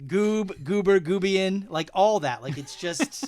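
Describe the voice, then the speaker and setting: A man's voice: high voice, lively intonation, slow pace, darkish tone, no echo. A man co-hosting a podcast, chatting casually and playfully reading out slang terms and their meanings. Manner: playful, reads slang terms and definitions aloud. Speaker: podcast co-host. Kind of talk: casual chat.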